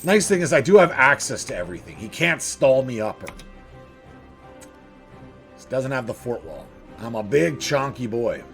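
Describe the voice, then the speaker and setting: A man thinking out loud while he plays a strategy game, chatting casually with the odd chuckle. His pitch moves a lot, rising and dipping with each thought. Faint music plays underneath. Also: very animated, moderate pace, pauses often. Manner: thinks aloud, chuckles, talks to himself. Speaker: gaming video host.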